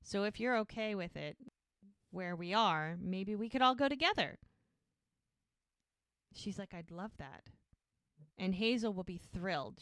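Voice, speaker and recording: A woman's voice: mid-range voice, a bit bright, dry recording. A woman co-hosting a podcast, casually retelling TV scenes and quoting the characters' lines. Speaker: podcast co-host recapping episodes. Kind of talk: casual recap chat.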